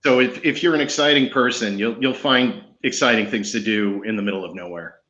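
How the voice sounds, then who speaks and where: Jersey-Boston man, bright tone. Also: lowish voice, fairly quick, highs cut off. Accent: New Jersey mixed with Boston. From northern New Jersey. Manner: joking, chuckling storyteller. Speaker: guest. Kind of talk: casual chat.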